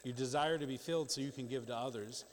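A man preaching a sermon in a conversational, emphatic way, with quick asides to the congregation. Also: medium pitch, slight background noise. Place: church sanctuary. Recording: long church-hall reverb.

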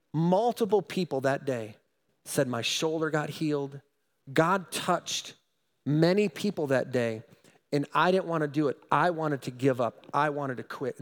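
A male pastor telling a personal story in a sermon, animated and rising to excited emphasis. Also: fairly high pitch, normal speed.

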